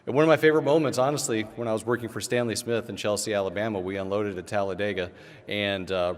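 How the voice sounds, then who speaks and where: A middle-aged man delivers an acceptance speech at a podium. His voice sits on the low side and is full of anecdotes, stumbling restarts and small laughs. The sound carries a long reverb from a large hall. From Illinois. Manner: storytelling with frequent restarts and chuckles. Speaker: Hall of Fame inductee giving a speech.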